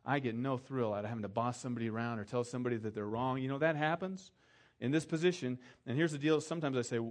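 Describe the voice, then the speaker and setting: Speaking fast at a medium pitch with fairly even intonation, a middle-aged pastor preaches a conversational, anecdotal sermon. He acts out the people he quotes and lowers his voice to a soft hush when stressing a point.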